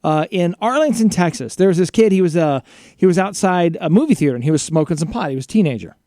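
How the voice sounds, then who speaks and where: Man, teasing co-host, quick high voice, dry close recording. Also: expressive, warm tone, no room sound. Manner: quick, teasing, prods for the story. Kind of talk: casual live-stream chat.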